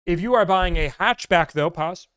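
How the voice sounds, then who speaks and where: Car-deal advisor, man with a slightly high voice, animated and joking, casual live-stream delivery. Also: normal speed.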